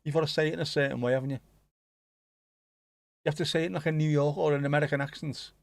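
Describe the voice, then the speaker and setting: A man's voice: fairly high pitch, fairly even intonation, fast, creaky, no echo. A man hosting a casual livestream from home, chatting and musing aloud as he answers viewers. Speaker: livestream host.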